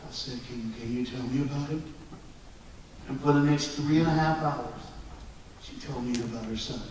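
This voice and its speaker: A man in his forties gives a motivational talk in a school hall. He tells his stories with animated swings between hushed and loud. The recording is made from far off, with heavy echo and clear room noise. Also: mid-range voice. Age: 40s. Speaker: motivational speaker. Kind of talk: storytelling speech to a school audience. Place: large echoey school hall.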